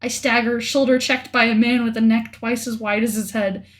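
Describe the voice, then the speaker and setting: A young adult woman streaming a story game, reading it aloud and joking through animated reactions. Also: a little high, normal speed. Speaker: streamer reading a visual novel.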